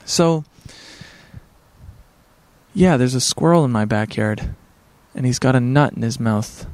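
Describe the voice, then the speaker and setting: A man's voice: mid-range voice, measured pace, darkish tone. Laid-back man rambling about meditation. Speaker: vlogger. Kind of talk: casual talk to camera. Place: at home by his backyard.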